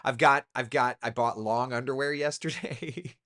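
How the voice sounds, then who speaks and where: A man, a TV meteorologist, chatting casually through the weather, relaxed and talkative with asides and fillers. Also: medium pitch, moderate pace. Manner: relaxed, chatty, thinking aloud with ums and asides.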